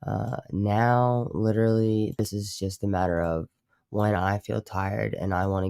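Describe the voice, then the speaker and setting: A man's voice: lowish voice, steady tone, normal speed, gravelly, darkish tone, clean tone, no room sound, studio quality. A man hosting a live stream, chatting casually in a rambling, profane way and often correcting himself. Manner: rambling, profane, self-interrupting. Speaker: livestream host.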